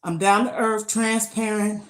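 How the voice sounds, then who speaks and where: A woman's voice: mid-range voice, steady tone, unhurried, a bit bright. Chatty older woman motivating viewers. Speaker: lifestyle vlogger. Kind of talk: casual live-stream chat while exercising.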